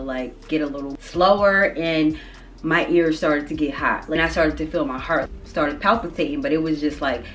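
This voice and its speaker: A young woman casually telling a personal story to her viewers in a lively, chatty, slangy way. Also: deep voice. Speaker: storyteller vlogger.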